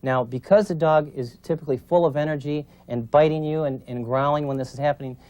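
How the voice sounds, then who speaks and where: A man's voice: fairly high pitch, steady tone, fast, darkish tone, no echo. A man demonstrating puppy training, explaining patiently and checking in with his student as he coaches. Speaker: dog trainer. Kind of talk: instructional demonstration.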